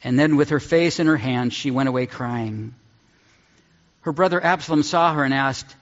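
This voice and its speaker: A man preaching a sermon and reading scripture aloud, earnest and deliberate, dropping low on key words. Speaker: pastor. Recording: dull sound in a large reverberant hall.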